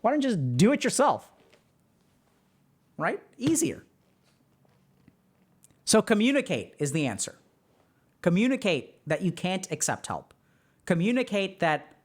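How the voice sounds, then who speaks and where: Emphatic man giving casual advice. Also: high voice. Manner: emphatic, many "like" fillers, acts out quoted people. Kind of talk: casual advice talk to a live chat.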